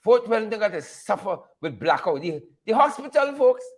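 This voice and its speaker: A Guyanese livestream host, high-voiced and very animated, speaks at a normal speed. He says hello to viewers while ranting through his commentary with sarcasm and preachy heat.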